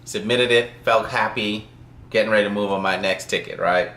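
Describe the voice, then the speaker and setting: Rambling man with a bright edge in an echoey room. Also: on the low side, level tone, brisk. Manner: rambling, with frequent fillers and chuckles. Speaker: software developer. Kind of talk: casual storytelling.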